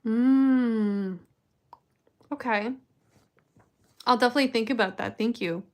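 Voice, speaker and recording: Woman streamer just chatting to chat, kinda high voice, slow and rambly. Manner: rambling, self-deprecating, trails off. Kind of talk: casual live-stream chat.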